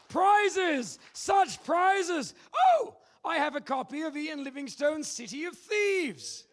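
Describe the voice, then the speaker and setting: An Australian man hosting a live comedy game show on stage, loud and playful, bantering with the crowd. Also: very high voice, very animated, drawn-out words. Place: live convention stage with audience.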